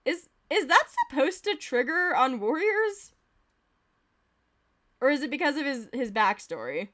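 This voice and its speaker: High-pitched woman streaming a game, reading stuff out fast, laughing a lot. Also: big pitch swings, a bit bright. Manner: giggly, reads events aloud quickly, laughs often. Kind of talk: casual game commentary.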